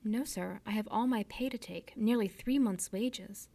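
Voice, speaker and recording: A woman reading the part of an earnest, respectful young male sailor who speaks gravely and politely. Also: medium pitch, measured pace, mellow.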